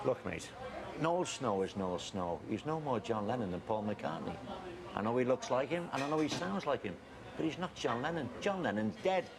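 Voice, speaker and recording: An actor playing a blustery, defensive middle-aged farmer with a Scouse accent, in found-footage style. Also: male voice, medium pitch, expressive, moderate pace, creaky, a crowd in the background. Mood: insistent. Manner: blustery, defensive, calls people mate. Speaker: farmer guarding his cousin. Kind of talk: found-footage film acting. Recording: noisy handheld camera audio.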